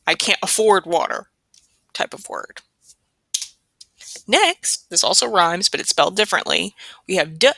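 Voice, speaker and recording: A woman tutor giving an online phonics lesson, slowly sounding out each word and repeating it. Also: lowish voice, sharp tone, dry recording. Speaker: literacy tutor.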